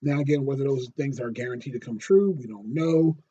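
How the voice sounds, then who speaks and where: Husky man rambling through a show review. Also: medium pitch, brisk, dull audio. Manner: rambling, many fillers and restarts, gets excited and loud retelling scenes. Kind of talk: casual spoken episode review.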